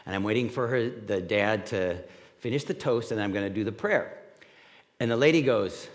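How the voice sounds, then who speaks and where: A man's voice: fairly low pitch, moderate pace. A man preaching a conversational sermon as a pastor, reading scripture and telling stories with frequent "right?" asides. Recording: reverberant hall.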